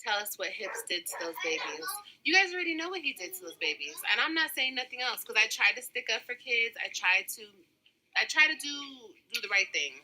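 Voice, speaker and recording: A high-pitched woman with a very bright, sharp voice rants on a livestream. She swoops widely in pitch as she taunts and mocks with sarcastic, profane jabs. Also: sing-song, a little fast, a little hiss or hum, low-quality recording. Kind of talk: mocking livestream rant.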